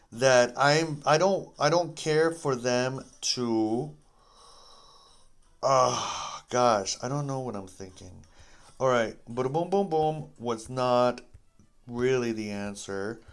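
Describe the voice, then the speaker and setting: A man's voice: mid-range voice, rough recording. A man casually chatting while playing a game, rambling between topics with jokey, apologetic asides. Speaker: gaming video host.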